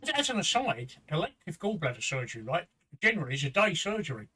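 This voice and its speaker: A man's voice: fairly high pitch, big pitch swings, quick pace, bright, forceful tone, husky, poor audio. An older man in his sixties telling a story in a casual chat with blunt, sweary talk and short breath. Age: 60s. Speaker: stream host.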